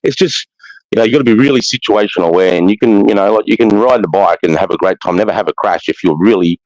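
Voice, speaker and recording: A man's voice: lowish voice, fast talker, darkish tone, no room sound, rough recording. A man in his forties with an Australian accent, telling stories in a blunt, heavily swearing casual chat. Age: 40s. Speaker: podcast host.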